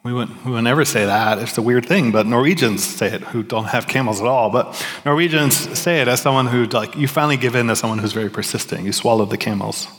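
Casual pastor in a reverberant hall. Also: male voice, medium pitch, quick pace, fairly bright tone. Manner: casual, self-deprecating, many fillers and restarts. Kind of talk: sermon. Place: church sanctuary.

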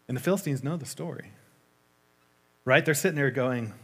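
A man preaches a sermon, retelling scripture as vivid storytelling. He talks conversationally, with casual asides to his listeners. His voice sits at an average male pitch. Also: normal speed, long pauses, fairly bright tone.

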